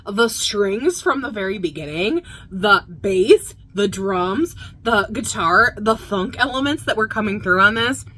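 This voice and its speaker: A woman's voice: medium pitch, sharp tone. A woman hosting a music video reaction, talking casually and gushing with enthusiasm, full of fillers.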